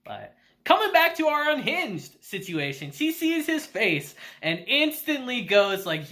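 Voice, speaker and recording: Lively, laughing anime reviewer man. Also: very high voice, measured pace. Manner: animated, laughing often, slangy. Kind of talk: casual video review.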